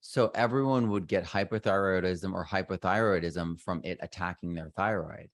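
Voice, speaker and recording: Middle-aged male guest, low register, rambling and self-interrupting, dry booth sound. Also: moderate pace, no echo. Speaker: podcast guest. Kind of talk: casual interview conversation.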